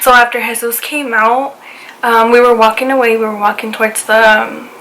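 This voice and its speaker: A woman's voice: fairly high pitch, brisk, slight background noise, low-quality recording. Chatty young woman telling a storytime. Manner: animated retelling, swearing, lots of "I was like". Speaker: vlogger. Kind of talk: casual storytime vlog.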